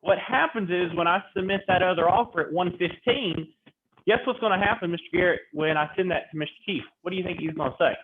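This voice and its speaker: Guy teaching a real estate class, high voice, sounds like a phone line w/ a little hiss. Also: quick pace. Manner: animated storytelling, role-playing clients in quotes. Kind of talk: classroom lecture with acted-out examples. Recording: tinny phone-like audio with faint noise.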